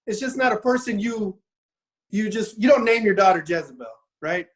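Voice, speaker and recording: A man's voice: high-pitched, normal speed. A man retelling a Bible story in a loose, casual podcast chat. He rambles and stumbles over his words, restarting sentences as he goes. He acts out the characters' lines in little quoted voices.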